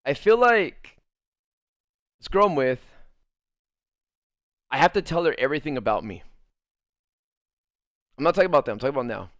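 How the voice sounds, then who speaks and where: A fairly high-voiced man spinning a story off the cuff, swearing freely and jumping into quoted voices as he goes. The sound is close and dry, with no room heard. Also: moderate pace, pauses often, no room sound. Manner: swears a lot, tells the story with lively re-enacted quotes; laughs easily while telling the story. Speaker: streamer. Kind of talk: casual storytelling.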